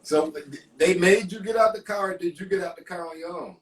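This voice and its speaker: A man's voice: high-pitched, fairly quick, recorded from a distance. A man hosting a podcast, chiming in with short replies and questions, laughing along. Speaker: podcast host. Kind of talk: casual interview. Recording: echoey room, off-mic.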